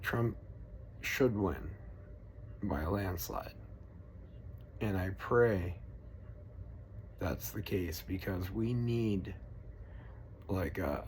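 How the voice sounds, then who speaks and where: Deep-voiced man, forties, angry rambling rant, heavy swearing. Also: darkish tone, slight background noise. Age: 40s. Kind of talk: ranting monologue.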